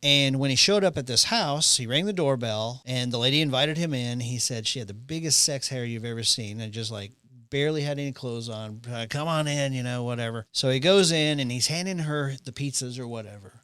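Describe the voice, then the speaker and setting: Animated podcast storyteller, man, bright and forward voice, dry close mic. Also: medium pitch, fairly quick, clean tone, no room sound. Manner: animated storyteller who acts out quotes. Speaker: podcast co-host. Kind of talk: casual chat, anecdote telling.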